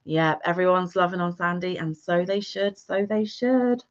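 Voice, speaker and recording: A woman co-hosting a casual livestream, chatting warmly and reading viewers' comments aloud. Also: on the low side, normal speed, dull audio. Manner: warm, chatty, calls viewers honey. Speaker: co-host of a crochet livestream.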